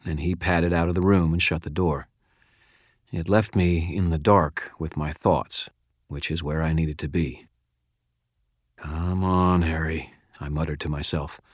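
Deep-voiced man narrating a story. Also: flat delivery, normal speed, no echo, clean studio sound. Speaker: audiobook narrator. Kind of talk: scripted first-person fiction narration.

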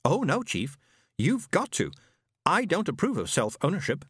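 A man voicing a pompous, booming male robot servant who talks in a fussy, formal, pedantic way. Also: wildly swooping pitch, normal speed, fairly bright tone, slightly rough, dry recording, studio quality, exaggerated voice. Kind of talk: audiobook character reading.

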